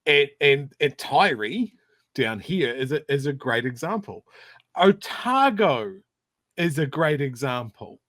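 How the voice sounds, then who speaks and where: A man from South Canterbury with a New Zealand accent, co-hosting a podcast and telling stories in a conversational, animated way. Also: mid-range voice, unhurried, no echo. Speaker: podcast co-host. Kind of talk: casual chat.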